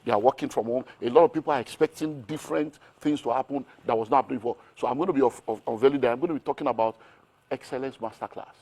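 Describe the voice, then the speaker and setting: A man's voice: medium pitch, rapid-fire, a little mellow. A middle-aged man with a Nigerian accent, a business mentor talking energetically in an interview and firing off rhetorical questions. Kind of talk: animated interview talk.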